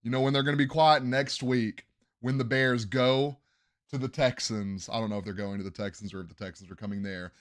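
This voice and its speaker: A man hosting a casual sports podcast, ranting in bursts of loud hype and dropping to muttered asides, coughing when he yells. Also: medium pitch, brisk. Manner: animated, swings between yelling hype and muttering asides. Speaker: podcast host.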